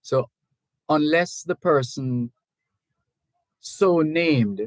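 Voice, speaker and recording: A middle-aged man with a Jamaican accent hosts a talk radio show from a studio microphone. He speaks very slowly and deliberately, with frequent restarts and hedging asides. The sound is dry and close. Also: fairly high pitch, no room sound, poor audio. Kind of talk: call-in radio talk, reading listener messages.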